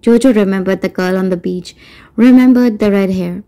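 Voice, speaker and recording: Casting: woman narrator for a children's audiobook, mellow, measured delivery. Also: mid-range voice, low-quality recording. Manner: measured storytelling, doing character voices. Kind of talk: scripted narration.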